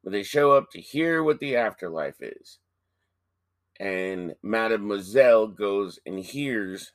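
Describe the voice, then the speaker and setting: Animated, profane man chatting on a podcast. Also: lowish voice, slow, no room sound. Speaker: podcast co-host. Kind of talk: casual chat.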